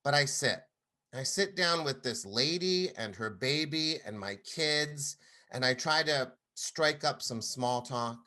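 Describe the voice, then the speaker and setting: A man in his thirties telling a personal story to an audience, animated and acting out the people he quotes. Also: mid-range voice, slow pace. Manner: animated, acts out quoted voices.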